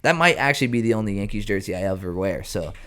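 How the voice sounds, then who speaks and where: A man hosting a baseball show, talking casually in an animated, jokey, rambling way. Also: fairly low pitch, fast, clear, resonant tone.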